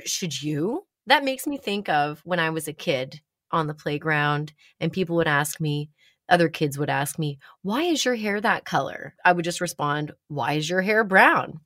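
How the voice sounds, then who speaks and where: A woman, likely in her thirties, casually telling a personal story with animated delivery and dramatic pauses. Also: dry recording, clean studio sound. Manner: animated, dramatic pauses, rising pitch when excited.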